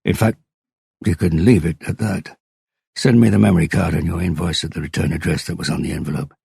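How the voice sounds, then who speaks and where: A man voicing a tired, blunt male police inspector who sounds hoarse and terse. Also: low-pitched, fairly even intonation, brisk, mellow, no echo, exaggerated voice. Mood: curt.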